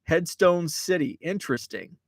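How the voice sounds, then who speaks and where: A man's voice: on the high side, animated, normal speed, no room sound. Chatty man hosting a live hobby show. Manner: rambling, chatty, many fillers and restarts. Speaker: podcast host reading live chat. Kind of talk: casual live-stream chat.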